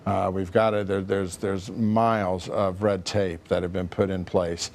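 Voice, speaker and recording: A man's voice: low voice, flat delivery, a little slow, a little mellow, slight background noise. A man speaking as a guest on a TV panel discussion, hesitant and full of restarts.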